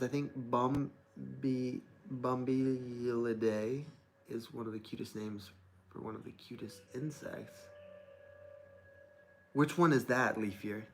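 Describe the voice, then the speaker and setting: A young man hosting a casual livestream, thinking aloud and reading chat comments from a laptop. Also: mid-range voice. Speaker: livestream host. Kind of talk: casual live-stream chat. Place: indoors at a desk with plants. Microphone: laptop mic.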